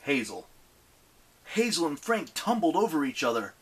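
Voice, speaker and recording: A man narrating an audiobook with expressive storytelling. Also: fairly high pitch, moderate pace, slightly rough. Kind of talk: scripted narration.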